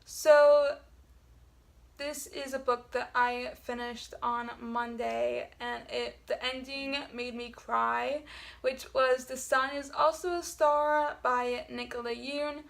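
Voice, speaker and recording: A woman's voice: a little high, steady tone, slow, gravelly. A woman book vlogger chatting casually, rambling with lots of "like" fillers and self-corrections. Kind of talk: casual chat.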